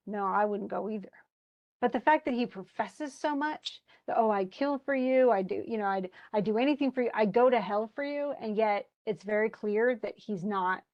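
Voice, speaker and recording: A woman giving a lively classroom lecture, acting out characters' lines as she explains them. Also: mid-range voice, lo-fi sound. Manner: animated, acts out characters' lines in quotes. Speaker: literature lecturer.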